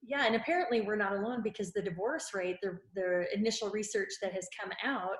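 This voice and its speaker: A middle-aged woman speaking as a counselor and marriage expert in an interview, brisk and informative. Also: medium pitch. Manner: brisk and informative, quoting figures. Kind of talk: conversational interview. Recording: roomy echo.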